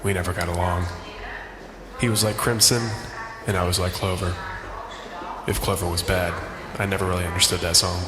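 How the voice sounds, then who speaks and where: A man's voice: low voice, level tone, moderate pace, long pauses, crowd noise, natural voice. A man playing an exasperated noir private eye. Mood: wry narration. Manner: dry hard-boiled narration, exasperated. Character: exasperated, wisecracking private detective narrator. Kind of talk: comedy noir audio drama.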